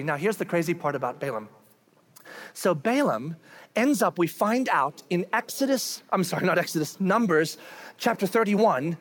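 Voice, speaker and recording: A male pastor delivers a casual, animated sermon with a story at its center. His voice sits high and ranges widely, rising and falling as he talks. He is conversational and punchy, and keeps asking his listeners questions.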